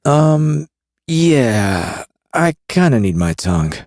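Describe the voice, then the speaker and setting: A man's voice: medium pitch, sing-song, takes it slowly, darkish tone, no echo, clean studio sound, voice pushed up. A man voicing a wry, queasy young smuggler in an audiobook, with a whiny, wisecracking delivery. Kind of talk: audiobook character voice.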